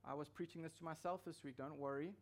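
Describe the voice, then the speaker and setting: A male pastor delivering a sermon in a fairly high voice. He presses his points with emphasis, repeating key phrases to drive them home. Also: steady tone, fast talker, a little mellow.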